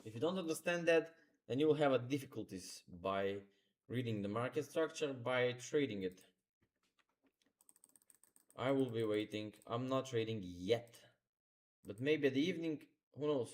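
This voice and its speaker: A man's voice: mid-range voice, lively intonation, moderate pace, pauses often. Man talking through charts live. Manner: instructive, repeats phrases, non-native grammar. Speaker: trading streamer. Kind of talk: live market commentary.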